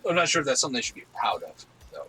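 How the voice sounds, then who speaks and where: A man's voice: mid-range voice, racing, slightly rough, poor audio. A man in his twenties chatting casually and teasing his co-host while streaming a game. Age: 20s. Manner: joking, teasing, animated banter.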